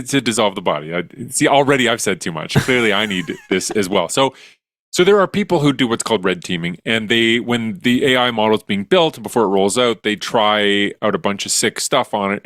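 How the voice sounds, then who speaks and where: A man's voice: lowish voice, brisk, a bit bright, dry recording, clean studio sound. A man, a science educator, explaining ideas in an enthusiastic, jokey way. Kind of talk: casual chat.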